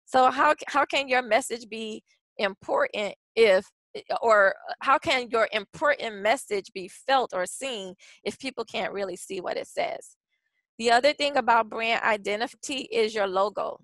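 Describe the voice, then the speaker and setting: A woman's voice: on the high side, measured pace, a bit bright, no echo, poor audio. A woman presenting a branding workshop in a chatty, casual way, with frequent restarts and fillers. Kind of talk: casual webinar teaching.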